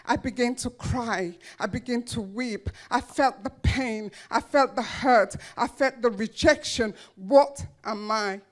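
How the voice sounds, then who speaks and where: Woman, motivational speaker, slow deliberate delivery, slightly high voice, dramatic storytelling. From grew up in a children's home. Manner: emphatic, dramatic storytelling with pauses and repeated phrases. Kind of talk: motivational speech to an audience.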